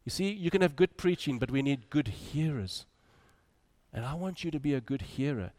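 A man preaching a sermon, moving between loud urging and quiet, soft drops. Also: on the high side, lively intonation, normal speed.

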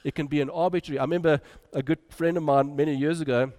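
A man preaching a sermon, moving between loud urging and quiet, soft drops. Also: a little high, fairly even intonation, fast talker.

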